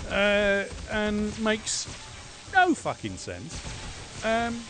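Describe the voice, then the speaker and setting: A man chatting as he streams a game, rambling and sardonic with plenty of swearing. His pitch wanders a lot and sits a bit above the usual range. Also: sing-song, drawn-out words, over music. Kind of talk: casual gameplay chat.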